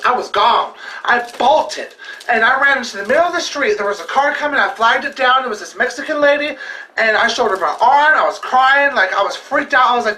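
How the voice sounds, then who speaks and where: A man's voice: very high-pitched, brisk, sharp tone. A man vlogging, telling a personal story in a casual, heavily profane, emphatic and rambling way. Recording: echoey room, distant mic.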